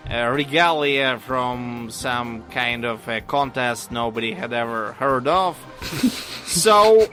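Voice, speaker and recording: A man co-hosting a casual podcast, telling stories slowly with dry humor and many pauses and fillers. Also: mid-range voice, sharp tone, soft background music. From Russia. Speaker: podcast co-host. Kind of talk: casual chat.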